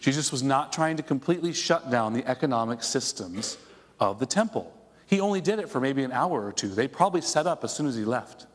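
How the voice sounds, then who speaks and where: A man's voice: medium pitch, lively intonation, a little fast, big-room sound. A man preaching a conversational sermon as a pastor, asking his congregation rhetorical questions. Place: church sanctuary.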